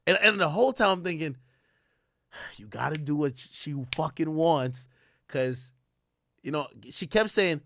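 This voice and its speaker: A young adult man spins a personal story in loose, profane streamer talk. He jumps between loud bursts and low mutters and acts out the people he quotes. His voice sits fairly high, and it is recorded close and dry with no room sound. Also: unhurried, pauses often, dry recording. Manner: animated, swears a lot, acts out quoted voices. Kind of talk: casual storytelling rant.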